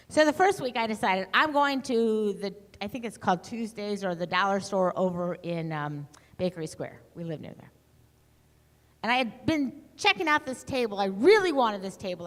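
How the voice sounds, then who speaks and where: A middle-aged woman speaking to an audience in a lively storytelling talk, acting out the voices she quotes. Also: fairly low pitch. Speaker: conference speaker. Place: conference hall. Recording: long hall reverb.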